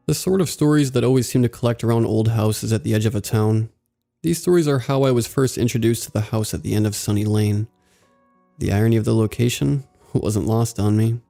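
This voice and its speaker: A man with a low, gravelly voice narrates a horror story in a steady, somber way. His tone is dark and mellow, and faint music plays under the reading.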